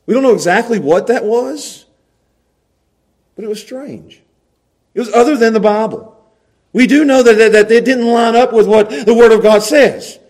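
A man's voice: very high-pitched, normal speed, pauses often, darkish tone. A man preaching a conversational sermon to his church, repeating words and restarting phrases for emphasis. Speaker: pastor.

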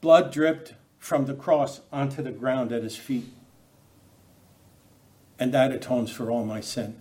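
A man's voice: mid-range voice, fairly even intonation, slow pace, darkish tone, breathy edge. A middle-aged man preaching a sermon, emphatic and full of rhetorical questions.

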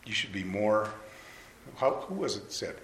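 A man's voice: fairly low pitch, very animated, moderate pace, fairly bright tone. A man preaching a sermon to a live audience in a conversational way, asking them questions. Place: hall with an audience. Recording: roomy hall, faint noise.

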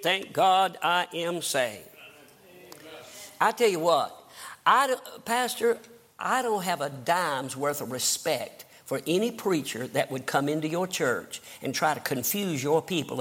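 A man's voice: fairly high pitch, expressive, measured pace, a bit bright. An older man preaching a fervent sermon, telling his own conversion story and rising to emphatic outbursts. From American South. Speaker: evangelist preacher.

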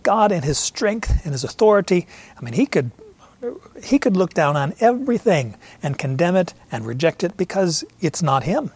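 A man's voice: sits high, big pitch swings, normal speed, a little mellow, slightly rough. A man preaching a sermon to his congregation, earnest and emphatic, repeating key phrases and often restarting mid-sentence. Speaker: pastor.

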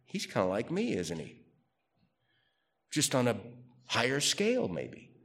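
Animated man lecturing on theology. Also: mid-range voice, measured pace. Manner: animated, conversational, reads quotes aloud. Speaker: theology teacher. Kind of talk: classroom lecture.

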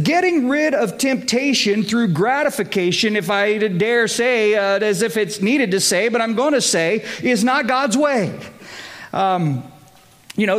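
A male pastor giving a conversational sermon, often checking in with his listeners with quick questions. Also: sits high, a bit bright.

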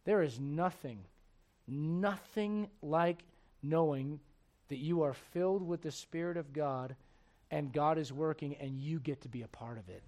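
A man preaching a sermon as pastor, animated and joking, acting out everyday voices. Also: on the high side, a little slow.

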